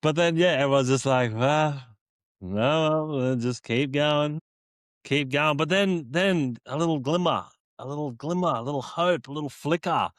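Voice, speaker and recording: A man's voice: on the high side, moderate pace, no echo, studio quality. An Australian man co-hosting a sports podcast, recapping rugby league plays with laughs and swearing. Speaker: podcast co-host. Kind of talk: casual sports chat. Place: studio.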